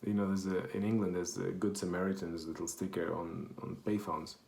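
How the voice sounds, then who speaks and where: A man's voice: low voice, flat delivery, brisk, vocal fry, a little mellow. A man from Portugal with a Portuguese accent, telling a rambling, self-correcting story in casual chat. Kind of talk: casual anecdote. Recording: echoey room.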